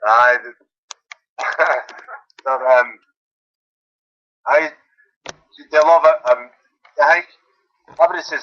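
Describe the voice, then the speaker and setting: A man's voice: mid-range voice, unhurried, pauses often, lo-fi sound. A Scottish man calling into a radio show, chatting in an easygoing, rambling way with lots of fillers. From Scotland. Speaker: caller. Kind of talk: casual chat.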